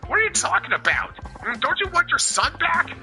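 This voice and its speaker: Bungling male kidnapper, blustering and indignant, lively voice, read by a man. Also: extremely high pitch, a little fast, gravelly, soft background music, voice pushed up, full character voice. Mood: angry.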